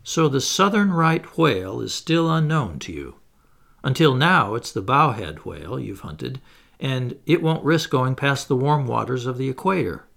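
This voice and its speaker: A learned naturalist professor, patient and measured, gently lecturing his companions, as a man reads him in an audiobook. The voice is gravelly and rises and falls a lot. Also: mid-range voice, big pitch swings.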